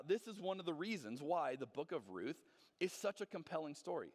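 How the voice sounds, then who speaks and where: Earnest pastor, slightly high voice, hall echo. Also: male voice. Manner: earnest, conversational, frequent restarts and stammered repeats. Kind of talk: sermon. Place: church sanctuary.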